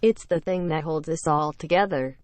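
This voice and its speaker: A man's voice: on the high side, steady tone, normal speed, slight background noise. A man giving grandiose, pseudo-scientific musings in a clip played on the show. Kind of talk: rambling public remarks.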